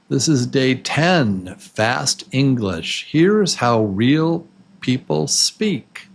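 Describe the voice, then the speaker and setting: A man teaching English to absolute beginners, patiently repeating words slowly and counting syllables with the listener. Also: medium pitch, very animated, vocal fry. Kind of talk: slow, clearly spoken beginner English lesson.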